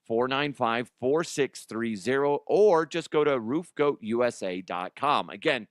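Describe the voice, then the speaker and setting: A male podcast host riffing through comedic news with a loose, self-mocking manner and the odd swear. His pitch swings a lot as he jokes. The sound is close and dry, with no room around it. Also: lively intonation, a little slow, dry recording.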